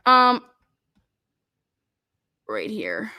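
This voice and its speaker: A woman's voice: mid-range voice, wildly swooping pitch, pushed and bright. A woman commentator acting out a cross-examination, firing pointed questions one after another. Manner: rapid-fire pointed questioning.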